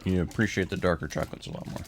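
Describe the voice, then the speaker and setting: A man's voice: low-pitched, fairly even intonation, rapid-fire, slight background noise. A man co-hosting a casual podcast, joking, teasing and swearing while tasting snacks. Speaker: podcast co-host.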